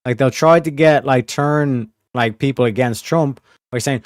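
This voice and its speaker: A man's voice: medium pitch, measured pace, no room sound, studio quality. A man hosting a livestream, chatting casually and rambling with plenty of "like" and swearing. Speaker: livestream host.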